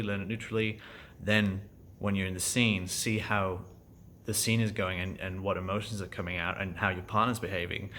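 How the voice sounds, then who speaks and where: A man with a German accent talking through his acting class in a casual vlog, thoughtful and halting, with many fillers and restarts. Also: deep voice, a bit bright, slight background noise. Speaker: actor vlogging about acting class.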